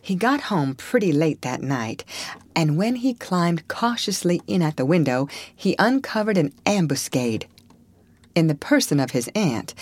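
A woman reading a classic novel aloud as an audiobook narrator, expressive and animated. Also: on the low side, no echo. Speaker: audiobook reader. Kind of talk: scripted storybook narration.

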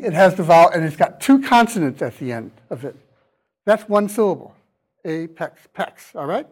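A man's voice: high-pitched, darkish tone. A man giving a classroom lecture, explaining step by step, voicing sample vowel sounds to show them and taking questions from students. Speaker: university lecturer.

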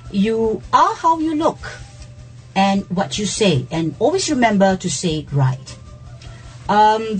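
A woman's voice: medium pitch, darkish tone. A middle-aged woman, hosting a radio lesson, laughing often and checking in with "yeah?". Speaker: radio English lesson host. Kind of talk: teaching workplace English on radio.

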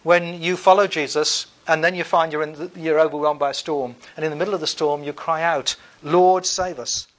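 A high-pitched male lecturer teaches a class loosely, thinking aloud as he goes. He often fills pauses and restarts sentences, keeping a wry, relaxed tone throughout the classroom lecture.

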